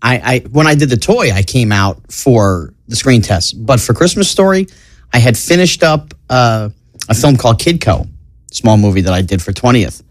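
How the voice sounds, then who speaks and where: A man from New York chats as a podcast guest and tells long stories. His voice sits at a middle pitch, recorded close and dry. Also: big pitch swings, moderate pace, dry recording. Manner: chatty, tells long anecdotes. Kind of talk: casual interview storytelling.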